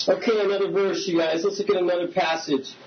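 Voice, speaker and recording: A man's voice: high-pitched, little pitch movement, quick pace. A man preaching a conversational sermon as pastor, often asking the congregation questions. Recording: slightly dull recording with faint hiss.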